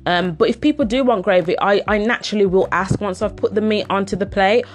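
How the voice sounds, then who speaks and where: A woman's voice: medium pitch, brisk, a little hiss or hum. A woman telling a casual personal anecdote in a chatty, rambling way, full of fillers. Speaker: storyteller.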